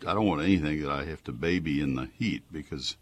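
A man's voice: a bass voice, fast talker, a little hiss or hum. A man hosting a radio gardening call-in show, chatty and enthusiastic, with frequent uhs. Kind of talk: casual call-in radio talk.

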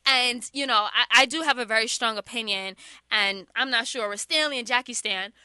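A woman hosting a talk radio show, chatty and quick to laugh. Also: fairly high pitch, bright, forceful tone, clean tone, dry recording.

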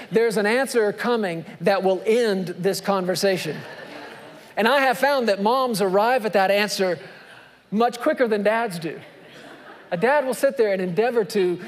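Man, pastor, sermon, high-pitched voice, animated delivery, big echoing church. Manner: animated preacher, rising to shouts, drawn-out emphasis. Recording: long reverb of a large hall.

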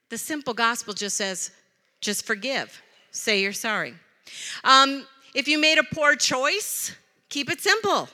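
A woman preaching a sermon to a church, telling stories in a conversational, animated way with touches of humor. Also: high voice. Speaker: preacher, pastor's wife. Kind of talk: sermon with storytelling. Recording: long hall reverb.

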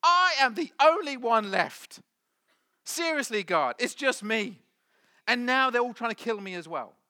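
A man voicing a whining, self-pitying prophet who complains loudly in a raised voice. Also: fast, no echo, clean studio sound. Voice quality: whiny, complaining, high and loud.

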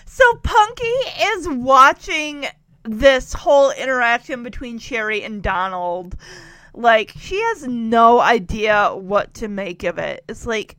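Chatty giggly woman narrating, high voice, really animated, dry close sound. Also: takes it slowly, dry recording, rough recording. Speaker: vlogger. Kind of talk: casual commentary.

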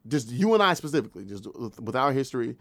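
A man's voice: mid-range voice, fast talker, no echo, clean studio sound. A man talking casually and animatedly on a podcast, telling stories and acting out what others said. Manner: animated, storytelling with quoted voices. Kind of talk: casual chat.

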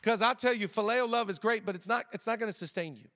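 A high-pitched male pastor in his thirties, preaching with energy and slowing down to drive key lines home. He mixes in quick joking asides. His voice rings out with long reverb through a church auditorium. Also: a bit bright, some chatter behind, slight background noise. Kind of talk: sermon.

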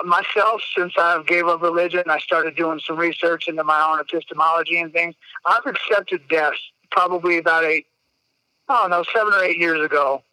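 A man tells a personal story on his podcast, blunt, profane and openly emotional. His voice is sharp and very bright but smooth, delivered in an even, level tone. The microphone sound is close and dry. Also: on the high side, dry recording, poor audio. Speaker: podcast host.

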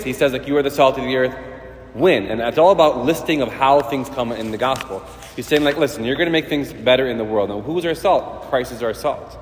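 Joking young priest in an echoing church. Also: male voice, medium pitch. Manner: joking, anecdotal, heavy use of "like". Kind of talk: casual conversational homily. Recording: roomy church with long reverb.

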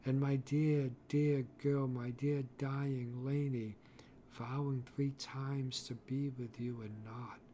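Male narrator voicing a remorseful dying young woman; hushed, pleading, unhurried. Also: medium pitch, flat delivery, slight background noise, lightly acted. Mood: hushed apologetic. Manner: soft, hushed, apologetic.

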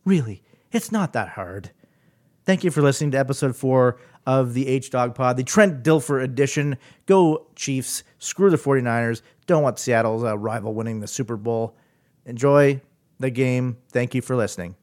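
A man's voice: mid-range voice, expressive, normal speed, a little mellow. Man, podcast host, casual solo talk, chatty, amused, restarts sentences.

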